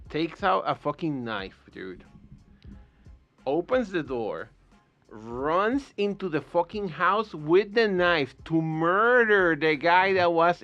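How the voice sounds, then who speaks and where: Animated, profane man telling stories. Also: on the high side, highs cut off. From Puerto Rico. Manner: profane, animated storytelling with acted quotes. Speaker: podcast guest. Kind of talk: casual storytelling.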